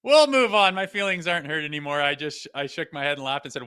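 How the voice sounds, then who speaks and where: Sarcastic guy co-hosting hockey talk, bright sharp voice, dry sound. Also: high voice, fairly quick, few pauses, clean tone, no echo. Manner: animated, sarcastic, profane. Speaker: podcast co-host. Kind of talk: casual sports chat.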